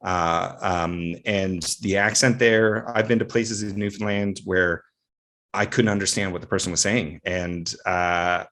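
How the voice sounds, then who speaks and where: A man's voice: deep voice, fairly even intonation, a little slow, a bit bright. A man from Canada chatting as a podcast guest about acting work, with a General North American accent and lots of fillers. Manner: chatty storyteller with frequent fillers. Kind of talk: casual conversation.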